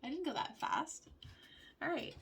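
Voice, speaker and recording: A woman teaching vowel sounds, reading word lists aloud slowly with calm pauses. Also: high-pitched, a little hiss or hum. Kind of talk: slow word-by-word vowel practice.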